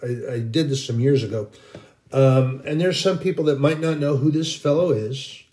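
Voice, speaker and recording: A man's voice: mid-range voice, normal speed, mellow. A middle-aged man giving an informal, rambling sermon, earnest and full of restarts. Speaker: Christian video preacher.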